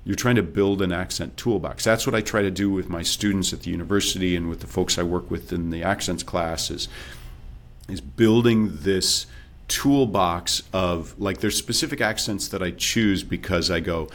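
A man with a very low voice, speaking as a guest coach in a relaxed interview. He explains his advice step by step and sometimes slips into quoted self-talk. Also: moderate pace. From based in Texas. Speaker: accent and dialect coach, guest.

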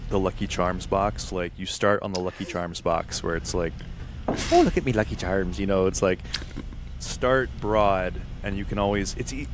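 A man's voice: low-pitched, slight background noise. A man hosting a podcast interview, asking questions casually and thinking aloud with lots of fillers. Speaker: podcast host.

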